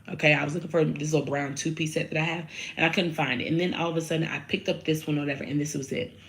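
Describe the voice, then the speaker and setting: A woman giving a casual tarot and astrology reading to her viewers, talking in an animated way, swearing freely and repeating phrases for emphasis. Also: low-pitched.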